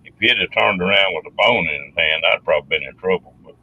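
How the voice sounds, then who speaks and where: Gravelly low man. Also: quick pace, sharp tone. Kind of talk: casual storytelling. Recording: dull lo-fi sound.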